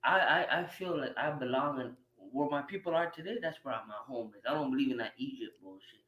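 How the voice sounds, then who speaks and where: A young man, making his points in a measured but insistent way. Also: fairly high pitch, bright, forceful tone, poor audio. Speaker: panel speaker. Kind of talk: casual debate.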